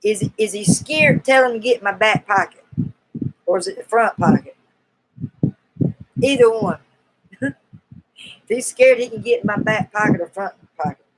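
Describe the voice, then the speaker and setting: A woman's voice: mid-range voice, moderate pace, long pauses, no room sound, low-quality recording. A woman with a Southern US accent hosting a casual live-stream Q&A, chatty, folksy and teasingly coaxing her viewers.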